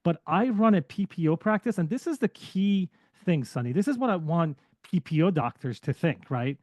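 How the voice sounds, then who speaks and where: A man's voice: on the high side, lively intonation, normal speed, darkish tone, dry recording. A man speaking as a guest on a casual podcast, earnest and reflective, driving his points home.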